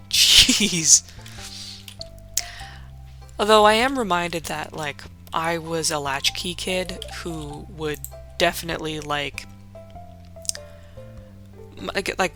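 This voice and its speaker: A woman's voice: sits low, slow pace, pauses often, pushed and bright, soft background music. A young woman hosting a laid-back game playthrough, rambling and swearing, full of fillers. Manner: rambling, profane, full of likes. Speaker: let's play host. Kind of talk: casual gaming commentary.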